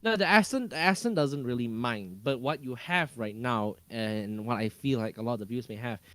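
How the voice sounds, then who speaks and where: A man's voice: mid-range voice, expressive, brisk, a bit bright, no room sound. Man, Malaysian English accent, podcast guest, casual, fillers and restarts, dry sound. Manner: searching for words, many restarts and fillers.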